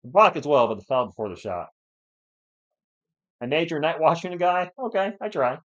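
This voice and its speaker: A man from New England hosting a live sports stream, giving play-by-play and answering viewers in an excitable, fired-up way. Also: on the high side, normal speed, lo-fi sound. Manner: excitable, fired-up, talks straight to chat viewers. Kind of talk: live play-by-play commentary and chat replies.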